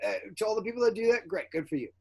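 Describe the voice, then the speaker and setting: A man as a guest actor in an interview, telling casual stories with animated energy, acting out the quoted dialogue and laughing often. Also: sits high, racing, vocal fry.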